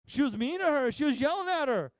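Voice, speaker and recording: High-voiced, joking male pastor. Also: expressive, fast talker, dry recording. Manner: jokey storyteller acting out quoted voices. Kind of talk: humorous sermon. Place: church service live stream.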